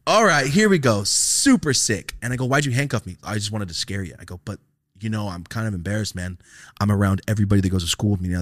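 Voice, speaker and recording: A man's voice: sits low, no room sound, studio quality. A young man hosting a casual podcast, telling a profane story and acting out the voices of the people in it.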